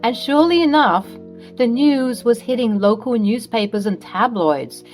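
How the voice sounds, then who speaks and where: A woman's voice: on the high side, moderate pace, a little mellow, soft background music. A woman narrating a scripted story in a dramatic, recounting manner.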